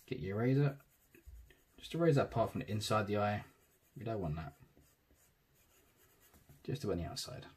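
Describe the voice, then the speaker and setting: A man with a medium-pitched, slightly rough voice talks casually through a digital tattoo drawing as he makes it, thinking aloud and letting his words trail off softly.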